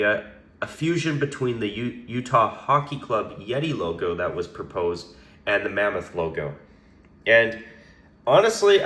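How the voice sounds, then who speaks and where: A man with a cold talks through his opinions alone, his voice raspy and hoarse yet bright and forceful on top of a low pitch. He rambles, hedges and restarts his thoughts, and the sound bounces around an echoey room. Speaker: hockey commentator. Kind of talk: solo opinion commentary.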